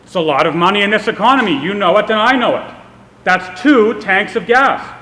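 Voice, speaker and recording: A man's voice: sits high, a little fast, background noise. A young man from Canada giving a public speech, telling a humorous, self-deprecating story. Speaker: speaker. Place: event hall. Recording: echoey hall with long reverb.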